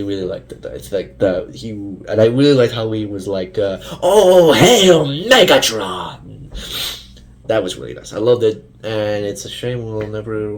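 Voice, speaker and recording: A man's voice: fairly low pitch, mellow. A young man ranting casually to camera as a fan vlogger, rambling with many fillers and restarts.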